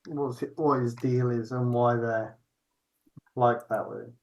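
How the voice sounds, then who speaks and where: A man's voice: mid-range voice, steady tone, a little slow, gravelly, a little mellow, lo-fi sound. A man playing a tabletop game, thinking aloud and a bit hesitant. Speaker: player. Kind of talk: casual tabletop play.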